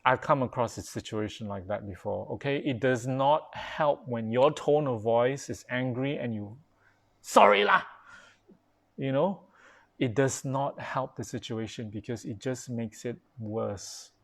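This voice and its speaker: In an unhurried, medium-pitched voice, a man who is a Buddhist pastor gives a dharma talk over a live stream. His delivery is chatty and informal, packed with fillers and restarts, and he replies to viewer comments as he goes.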